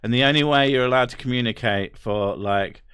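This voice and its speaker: A man's voice: mid-range voice, brisk, a bit bright, clear, resonant tone, no room sound. Guy on a stream, swears a lot, laughs lots, dry close sound. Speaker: streamer reading chat. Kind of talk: casual live-stream chat.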